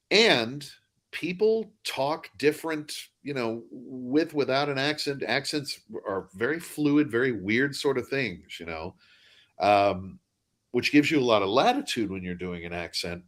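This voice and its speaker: A man, an audiobook narrator, talking casually in a live online interview, animated and self-deprecating. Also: medium pitch, measured pace. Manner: animated, self-deprecating, drops into joking mock accents. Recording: live online video chat.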